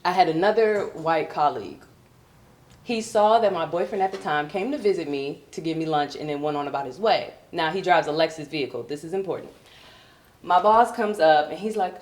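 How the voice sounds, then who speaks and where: A woman from Virginia with a Southern accent performing a brassy, animated stand-up comedy set. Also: a little fast, echoey room. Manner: brassy, animated, puts on high posh voices for coworkers.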